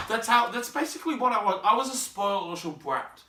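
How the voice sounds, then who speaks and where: A young man vlogging, telling a personal story in an animated way, acting out scenes and other people's voices. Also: sits high, brisk, hardly any pauses, a little hiss or hum. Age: young adult. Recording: roomy, mic at a distance.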